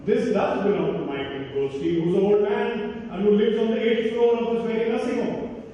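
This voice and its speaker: A man's voice: sits high, normal speed, mellow, a little hiss or hum, voice pushed up, lightly acted. A man voicing a helpful, matter-of-fact male security guard while telling a story. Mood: curious, informative. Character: friendly male security guard, middle-aged. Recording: echoey hall from far, dull sound.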